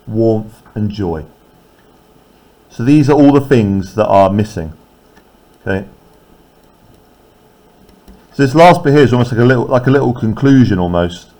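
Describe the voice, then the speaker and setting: A man's voice: mid-range voice, darkish tone. Man teaching a poetry lesson. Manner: explanatory, checks in with "okay?" and "right?", taps out rhythm aloud.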